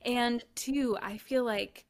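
A woman's voice: a little high, fairly even intonation, slow pace. A young woman who hosts a faith podcast, gushing and enthusiastic as she praises her guest and introduces segments. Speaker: podcast host. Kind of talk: casual faith podcast chat.

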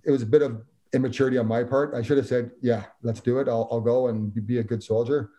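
Canadian guy telling an old hockey story, mid pitch, chatty, does little voices for the guys in it. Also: fast talker. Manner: animated storyteller, acts out quotes. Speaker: guest, former hockey player. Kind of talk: casual storytelling.

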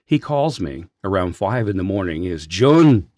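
Speaking fairly quickly in a low register, this senior pastor shares a heartfelt, earnest personal story on a podcast, growing animated in places. The sound is dry and clean, as from a studio.

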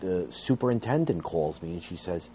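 Low, mellow-voiced man telling his story. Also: animated, moderate pace, slight background noise. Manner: earnest, agitated retelling with rising intensity. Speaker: fired behavior therapist telling his story. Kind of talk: emotional personal storytelling.

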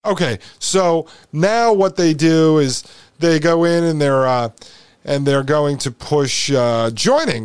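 A man's voice: fairly high pitch, lively intonation, slow, smooth, no echo. Insistent male podcast host, dry sound. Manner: emphatic, insistent and repetitive. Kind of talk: commentary over a played video.

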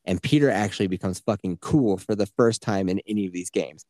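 A man's voice: fairly low pitch, brisk, dark tone, no echo, studio quality. A man casually retelling a video game's plot on a podcast, profane and mocking. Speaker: podcast host. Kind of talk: casual game review chat.

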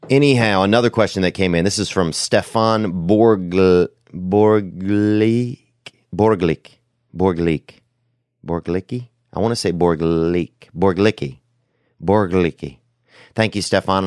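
Deep-voiced profane storytelling man. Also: dry recording, clean studio sound. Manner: profane, animated, slangy. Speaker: podcast host answering listener questions. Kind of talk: rambling comedic storytelling.

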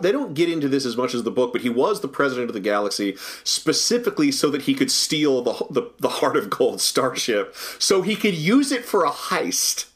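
A man co-hosting a casual podcast discussion with an enthusiastic, animated delivery. He often doubles up words as he gets going, and his voice sits at an ordinary middle pitch. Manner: enthusiastic, animated, repeats words when starting. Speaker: podcast co-host.

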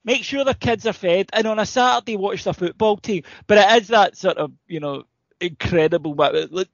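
A man's voice: high-pitched, a little fast, gravelly, dry recording, lo-fi sound. A British man co-hosting a podcast, ranting and swearing in casual chat. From Britain. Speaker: podcast co-host.

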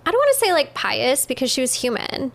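A woman in her thirties from the United States, chatting casually on a podcast, animated and laughing often, with casual swearing. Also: high-pitched, a little fast, vocal fry. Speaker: podcast guest, witch and spiritual practitioner.

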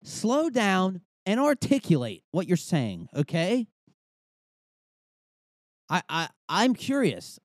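A young podcast host rants in a loose, comedic way, swearing freely and drifting into asides. His voice sits a little high for a man and swings widely in pitch. The recording is close and dry. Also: slow pace, long pauses, no echo. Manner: animated, swearing, rambling with frequent asides. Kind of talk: casual comedic rant.

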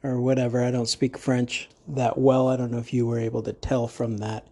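A man's voice: medium pitch, level tone, normal speed, dark tone, breathy edge. A man hosting a podcast, talking in a casual monologue with jokey, rambling asides. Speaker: podcast host.

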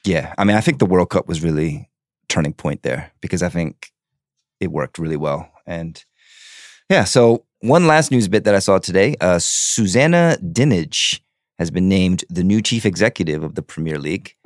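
A young man with a notably deep voice co-hosts a casual sports chat. He talks loosely, leans on "like" and drops the odd swear word. The sound is dry and close. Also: moderate pace, no room sound. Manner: relaxed, chatty, swears casually, frequent "like". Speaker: podcast co-host.

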